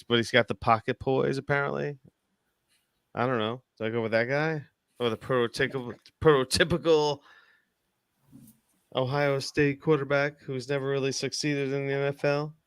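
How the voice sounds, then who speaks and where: An excitable man hosts a loose podcast chat, laughing and swearing as he quizzes his panel. His voice is bright and crisp, and the close mic sounds dry, with no room around it. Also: medium pitch, moderate pace, no echo. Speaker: podcast host. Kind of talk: casual chat.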